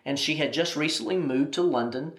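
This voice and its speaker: Animated storytelling man, roomy sound. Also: on the high side, brisk. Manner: animated storyteller, acts out quoted dialogue. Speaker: ministry president, interview guest. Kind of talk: storytelling in an interview. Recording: roomy echo.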